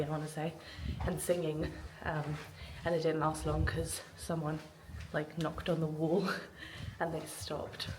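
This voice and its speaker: A woman's voice: low voice, noisy background. A young woman chatting casually to her phone camera, with lots of fillers and frequent laughter. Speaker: vlogger. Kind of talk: casual vlog chat.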